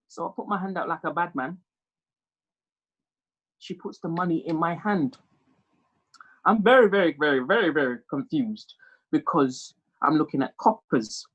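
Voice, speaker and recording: A man's voice: fairly high pitch, moderate pace, long pauses, slightly rough. A man doing a stand-up comedy monologue, telling self-mocking stories. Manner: storytelling, animated, self-mocking.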